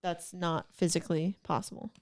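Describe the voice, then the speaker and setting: A woman's voice: fairly low pitch, level tone, moderate pace, a little mellow. A young woman co-hosting a podcast, chatting casually and giggling, rambling with lots of fillers. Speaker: podcast co-host. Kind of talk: casual chat.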